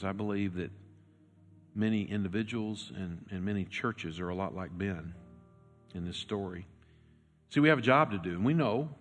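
A man preaching a sermon as pastor, telling a story and swinging from loud, urgent lines to hushed, quiet ones. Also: lowish voice. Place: church sanctuary. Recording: long reverb with faint music.

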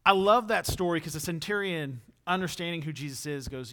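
Young guy preaching, bright voice sitting a bit high, chatty then gets emphatic. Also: fairly quick, hardly any pauses. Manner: conversational, rising to emphatic peaks. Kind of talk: sermon.

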